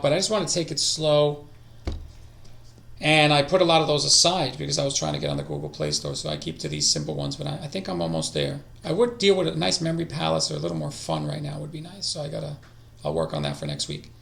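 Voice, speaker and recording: Male streamer, casual self-talk, rough fry in the voice, roomy echo. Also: a little high, fast. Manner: talks to himself, drifting into quiet mutters. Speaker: streamer learning languages. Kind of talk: casual live-stream study session. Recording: echoey room.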